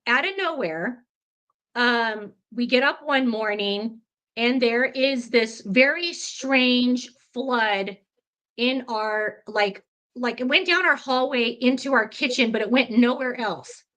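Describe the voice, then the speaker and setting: A woman guest telling a ghost story in an interview, animated and chatty, with many fillers. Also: fairly high pitch, takes it slowly.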